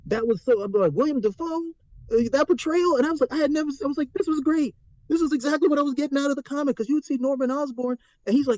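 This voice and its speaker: Opinionated man, dark dull lo-fi voice. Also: very high-pitched, fast talker, no echo. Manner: animated, opinionated, frequent restarts. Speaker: podcast co-host. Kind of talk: casual chat. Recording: dull lo-fi recording.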